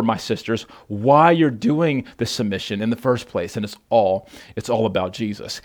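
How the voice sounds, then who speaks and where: A male pastor preaching a sermon, emphatic, repeating words and asking the congregation questions. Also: medium pitch.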